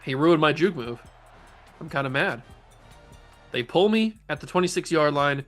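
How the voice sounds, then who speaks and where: Gaming YouTuber, male, slightly high voice, lively play-by-play with playful trash talk, soft music underneath. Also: moderate pace. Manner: excitable, playful trash talk about his own plays. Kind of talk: gameplay commentary.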